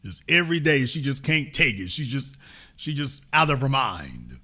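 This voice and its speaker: A man's voice: medium pitch, wildly swooping pitch, sharp tone. A man hosting a political commentary show, talking in a folksy, teasing way. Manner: folksy, teasing, drawn-out remarks. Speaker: show host.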